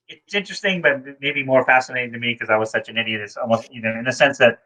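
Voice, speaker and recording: A man's voice: medium pitch, quick pace, pushed and bright, rough recording. A man telling a rambling, self-deprecating story in a casual chat, over a video call. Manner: rambling, many fillers and restarts, self-deprecating. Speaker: guest.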